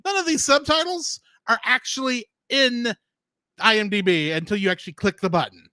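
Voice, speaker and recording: A man's voice: very high-pitched, normal speed, sharp tone, dry recording. A man co-hosting a casual podcast review, jokey, slipping into mock accents and movie quotes. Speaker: podcast co-host.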